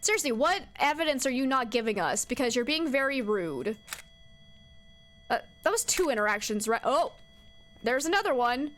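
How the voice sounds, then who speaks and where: A woman's voice: high voice, animated, moderate pace. A young woman streaming a horror game, chatting to her viewers and talking back to the ghost with jumpy outbursts. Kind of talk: live game commentary.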